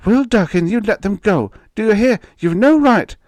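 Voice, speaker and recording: A man's voice: sits high, animated, moderate pace, a little mellow, no room sound, voice pushed up. A man voicing a frightened mother pleading with her husband in an audiobook reading.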